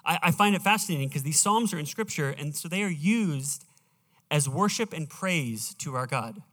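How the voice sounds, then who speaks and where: A male pastor preaching a sermon, emphatic and slowing down as he reads scripture aloud in a church auditorium. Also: a little high, animated, fairly bright tone. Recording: reverberant hall, live church sound.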